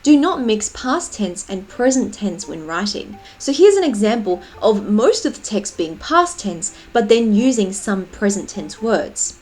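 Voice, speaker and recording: A woman's voice: medium pitch, sing-song, unhurried, few pauses, darkish tone, faint music behind. A woman giving a writing tutorial, explaining punctuation and reading example sentences aloud with expression. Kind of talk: tutorial narration.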